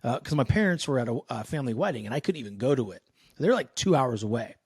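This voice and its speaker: A man from Northern California, in his thirties, telling a story as a podcast guest in a loose, profane, animated way, acting out the people in it. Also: mid-range voice, quick pace, husky, dry recording, clean studio sound. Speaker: podcast guest, sales coach. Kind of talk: casual storytelling in a podcast interview.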